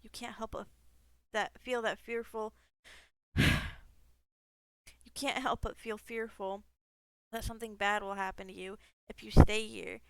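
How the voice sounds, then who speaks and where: A woman's voice: mid-range voice, little pitch movement, measured pace, pauses often, clear, resonant tone, poor audio. A woman gaming streamer reading a text game aloud, breaking off into casual asides, swearing freely and laughing at herself.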